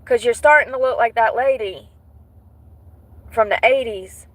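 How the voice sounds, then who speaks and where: A woman vlogger chatting casually to her viewers in a gossipy, animated way, cursing freely. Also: fairly high pitch, measured pace, no room sound. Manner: animated, swears, breaks into laughter.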